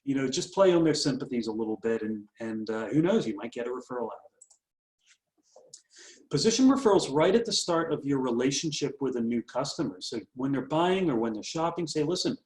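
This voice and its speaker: A man's voice: mid-range voice, expressive, a little fast, a little mellow. Upbeat male coach in a roomy space. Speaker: business coach. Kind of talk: presenting marketing tips. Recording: roomy echo.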